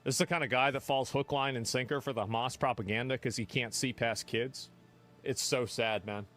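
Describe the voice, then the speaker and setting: A man's voice: medium pitch, fairly even intonation, a little fast, a bit bright, faint music behind. A man in a played clip arguing his point in a dismissive tone. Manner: dismissive, argumentative. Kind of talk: argumentative talk.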